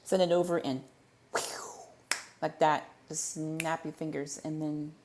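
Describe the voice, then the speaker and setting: A woman's voice: sits low, little pitch movement, measured pace, a little mellow, a little hiss or hum. A woman hosting a casual livestream Q&A, rambling and often stumbling over her words and correcting herself. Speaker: livestream host.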